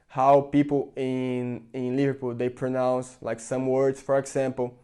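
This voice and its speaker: A man's voice: mid-range voice, monotone, a little slow, mellow, smooth. A young man from Brazil, speaking English with a Brazilian Portuguese accent, giving an earnest, chatty opinion to his viewers with lots of "like" fillers. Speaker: vlogger. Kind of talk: casual opinion talk to camera.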